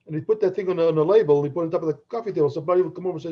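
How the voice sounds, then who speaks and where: Rapid-fire with hardly a pause, a middle-aged man with a high-leaning voice co-hosts a casual podcast, telling rambling tales punctuated by laughs and false starts. The sound is dull and low quality.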